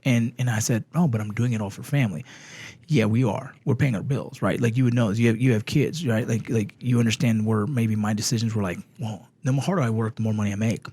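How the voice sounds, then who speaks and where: A middle-aged man, a former Army Ranger guest, telling stories in fast, profane, animated podcast chat. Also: on the low side, slightly rough, dry recording.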